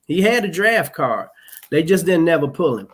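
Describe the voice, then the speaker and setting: A man, his voice a little high, tells a story as a guest on a relaxed talk show. He speaks slowly with many ums, restarts and throat clearing. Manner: slow, halting, clears throat, many fillers. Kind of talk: casual storytelling chat.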